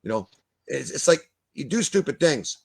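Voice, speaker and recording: A man's voice: fairly high pitch, expressive, normal speed, gravelly, slightly rough. An older man, ranting bluntly as a guest in a video-call discussion, swearing and stumbling over repeated words. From Canada.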